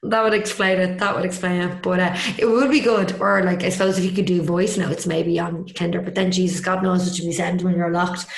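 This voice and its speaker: A woman in casual podcast chat who answers with quick reactions and joking asides. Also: on the low side, level tone, gravelly. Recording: echoey room.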